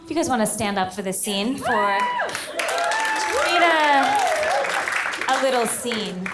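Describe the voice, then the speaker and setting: A woman hosts a live comedic podcast in a gossipy, laughing way. Her voice sits a little high and moves a lot. A loud audience and room noise fill the background. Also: huge pitch swings, takes it slowly, roomy sound, a loud crowd. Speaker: podcast host.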